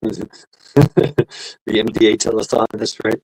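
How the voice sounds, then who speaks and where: A man with a gravelly, rough-edged voice hosts a casual live stream. He rambles through his points with plenty of fillers and false starts, stopping to thank viewers and answer their comments. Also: on the low side, flat delivery, slow pace, a little mellow, poor audio. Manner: rambling, many fillers and restarts, reads out chat. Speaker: livestream host. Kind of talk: casual livestream chat.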